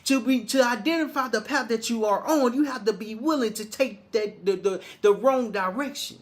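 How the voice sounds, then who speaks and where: A man's voice: extremely high pitch, normal speed. Repetitive motivational man. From Arkansas, US. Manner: repetitive, preachy, many restarts. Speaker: motivational speaker. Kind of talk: motivational monologue.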